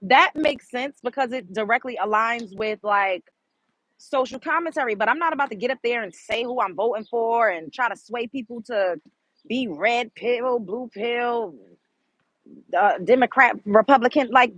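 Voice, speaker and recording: A young adult woman hosting her own online show, talking in a blunt, animated casual monologue and swearing freely. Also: a little high, moderate pace, no echo, rough recording.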